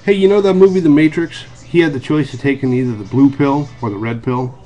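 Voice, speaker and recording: A man's voice: medium pitch, brisk, dark tone, faint music behind. American guy vlogging solo, earnest, lots of ums and restarts. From United States. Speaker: video blogger. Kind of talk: casual monologue to camera.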